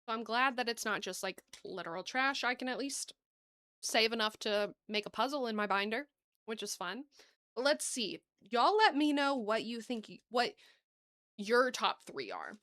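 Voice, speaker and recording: A bubbly woman with a Southern US accent chats to her viewers as she opens cards, gasping and gushing over the cute ones. Her voice sits a little high, and she laughs softly as she thinks aloud. It sounds close and dry, with almost no room sound. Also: animated, moderate pace, dry recording. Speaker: card-opening channel host. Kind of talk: casual chat to viewers.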